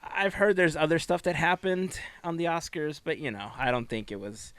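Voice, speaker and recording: A man hosting a podcast, his voice smooth and resonant. The sound is dry and close, with no room around it. He talks in a relaxed, chatty way and signs off the show. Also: fairly high pitch, normal speed, no echo. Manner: wraps up the show with sign-off lines. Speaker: podcast host. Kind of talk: casual chat.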